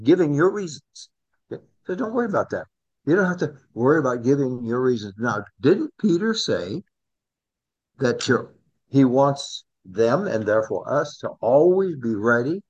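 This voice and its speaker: A man's voice: medium pitch, a little mellow. A man teaching a Bible study class in a conversational way, often repeating words and asking the group questions. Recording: dull lo-fi recording.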